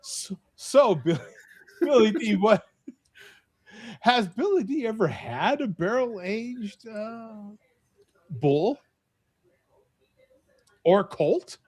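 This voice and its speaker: A man's voice: takes it slowly, pauses often, husky. A man hosting a casual chat on a video call, rambling and laughing as he talks. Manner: rambling, laughing, lively pitch swings. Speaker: host.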